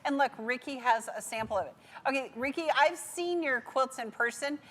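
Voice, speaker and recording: A woman's voice: high-pitched, normal speed, a bit bright. A woman hosting a casual interview, gushing with enthusiastic reactions. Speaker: host.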